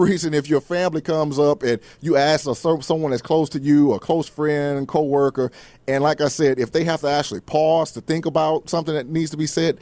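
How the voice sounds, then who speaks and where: A man's voice: a little high, darkish tone, no echo. A man hosting a faith-based motivational talk show, speaking casually with folksy asides and frequent restarts. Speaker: host.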